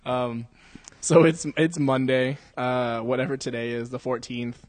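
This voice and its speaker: A man's voice: mid-range voice, level tone, measured pace, darkish tone, no echo. Foul-mouthed man hosting a podcast, dry sound. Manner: profane, laughs often, mimics voices in quotes. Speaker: podcast host. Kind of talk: casual podcast chat. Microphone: studio condenser mic.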